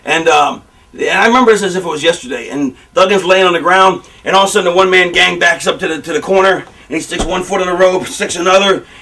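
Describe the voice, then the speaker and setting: A high-pitched man spins loose, profane stories about his trade, jumping between thoughts as he goes. He sounds set back from the microphone, so his voice carries a little distance. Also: quick pace. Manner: rambling, profane, animated storytelling. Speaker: pro wrestler giving a shoot interview. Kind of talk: candid storytelling interview.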